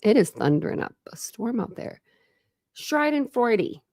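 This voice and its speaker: A woman's voice: medium pitch, expressive, a little fast, warm tone, slightly rough, no room sound, clean studio sound. A woman reading a book aloud at home on a live stream, stopping often to chat, laugh and stumble over hard words. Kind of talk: casual live book read-through with commentary. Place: home room during a thunderstorm.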